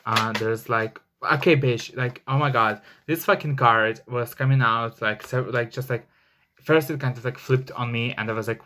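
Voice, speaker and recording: A man reads tarot cards to camera in a loose, casual way. He talks emphatically, with many fillers and the odd curse. His voice sits at an ordinary middle pitch. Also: steady tone, normal speed, pushed and bright, a little hiss or hum. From Russia. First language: Russian. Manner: chatty and emphatic, heavy on "like" fillers and swearing. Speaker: tarot reader.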